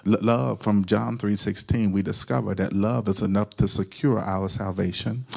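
Deep-voiced preacher with a flat delivery. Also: male voice, moderate pace, gravelly. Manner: preacherly call-and-response, repeating key phrases. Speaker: pastor. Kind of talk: sermon.

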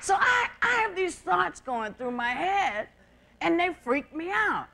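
Brief: woman comic, high animated voice, profane live stand-up, noisy VHS tape with loud audience. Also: a little slow, gravelly. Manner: profane, conversational, mocking impressions. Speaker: stand-up comedian. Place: theater stage with laughing audience.

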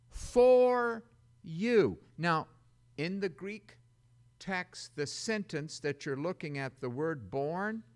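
With a voice on the high side, this Bible teacher delivers a sermon dramatically and emphatically. He mixes conversational asides with abrupt, loud outbursts.

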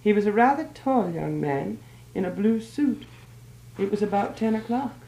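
A woman's voice: mid-range voice, animated, moderate pace, creaky, dark tone, pitched above the performer's own voice. A woman voicing an anxious young woman searching for her missing fiancé, pleading and urgent. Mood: eager. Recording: roomy old archive recording.

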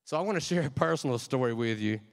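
Sex: male. Role: preacher. Style: sermon. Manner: fervent and conversational, becoming emotional. Pitch: average for a man. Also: lively intonation, quick pace.

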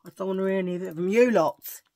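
A woman's voice: medium pitch, fast, background noise. A tired woman vlogger chatting to camera in a rambling, self-mocking way. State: tired from poor sleep. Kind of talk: casual chat to camera.

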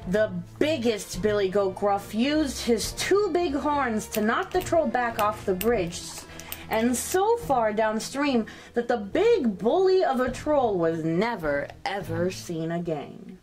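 A woman reading a children's story aloud in an expressive, sing-song storyteller's way, greeting her young listeners. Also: fairly high pitch, slow pace, soft background music.

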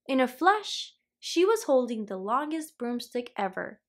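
A woman reading a children's story aloud, slowly, clearly and expressively. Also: fairly high pitch, very animated. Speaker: storybook reader.

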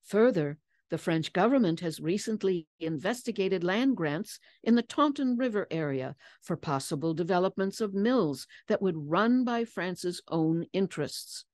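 A woman's voice: on the low side, lively intonation, measured pace, hardly any pauses, darkish tone, no room sound, studio quality. A woman voicing a clever young girl detective who explains her deductions precisely and wryly. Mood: explaining. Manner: crisp, precise, lecturing.

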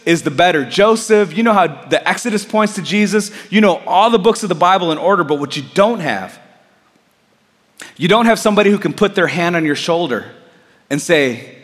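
Earnest high-voiced male preacher, reverberant. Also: expressive, normal speed, fairly bright tone. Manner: earnest, conversational preaching with repeated questions. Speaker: pastor. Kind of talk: sermon.

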